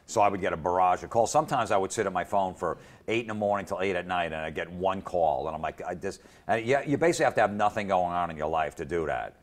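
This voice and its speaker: A man, a comedian guest on a TV talk show, telling his stories in a rapid run of anecdotes. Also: deep voice. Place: TV studio.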